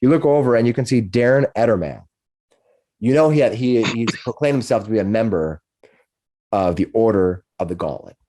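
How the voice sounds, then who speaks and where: A man narrating a tabletop game as game master, halting and restarting often. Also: lowish voice, warm tone. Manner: halting, with many restarts and fillers.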